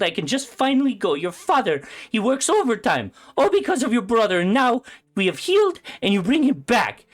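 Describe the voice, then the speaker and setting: A heartbroken middle-aged mother, as a woman puts her on in a tabletop game. She swings from sweet doting to shrieking fury, with a very low base voice and wide, lively jumps in pitch. Faint music plays underneath. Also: heavily acted.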